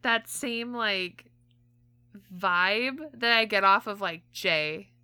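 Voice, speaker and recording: A woman's voice: mid-range voice, slow, pushed and bright, smooth, dry recording. A young woman co-hosting a podcast, chatting in a gushing, filler-heavy way. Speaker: podcast co-host. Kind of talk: casual chat.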